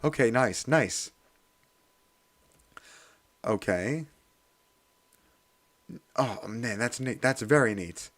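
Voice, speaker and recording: A man with a hoarse voice chatting casually and laughing at himself while livestreaming. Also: mid-range voice, animated, extremely slow, long pauses, a bit bright. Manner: chatty, self-deprecating, laughs often. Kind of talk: casual study stream chat.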